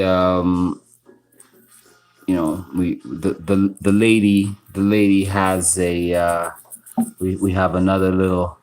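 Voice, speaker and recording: A man's voice: deep voice, rough recording. A man, casually telling stories on a live stream, full of restarts and asides. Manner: rambling, halting restarts, frequent "you know" and "right". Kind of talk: casual storytelling monologue. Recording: informal live stream audio.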